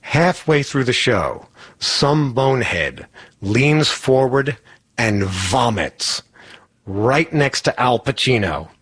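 A man's voice: medium pitch, big pitch swings, slow, a bit bright. A man telling a personal story in a wry, self-mocking way. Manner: wry, self-mocking, acts out quoted voices.

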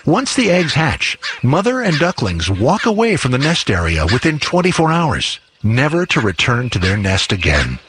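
A man narrating a short scripted radio segment about birds in a measured, informative way. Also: medium pitch, huge pitch swings, fairly bright tone, a little hiss or hum.

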